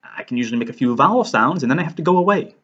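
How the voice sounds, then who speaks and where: A man voicing a shy teenage girl who talks in a halting, nervous way. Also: on the high side, lively intonation, a bit bright, husky, highs cut off.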